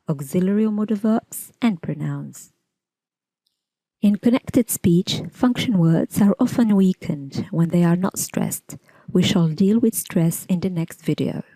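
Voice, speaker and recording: A woman teaching English pronunciation in a scripted lesson, speaking in a measured, deliberate way and enunciating example words slowly. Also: mid-range voice, warm tone, no room sound.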